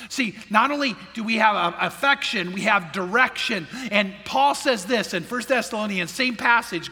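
Bright high-voiced male pastor preaching. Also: long reverb tail. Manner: earnest preaching with questions to the congregation. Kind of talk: sermon. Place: church sanctuary.

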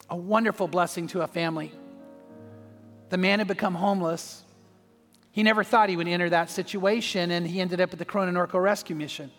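High-voiced male pastor preaching. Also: fairly bright tone, big-room sound. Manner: storytelling, acts out voices in anecdotes. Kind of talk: sermon.

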